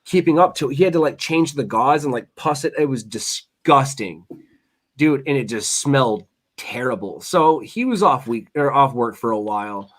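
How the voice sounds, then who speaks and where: A man hosting a relaxed talk show, telling stories in a loose, rambling way. He swears casually and restarts his sentences often. His pitch sits in the middle of the range. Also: normal speed. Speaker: host, chef. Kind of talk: casual chat.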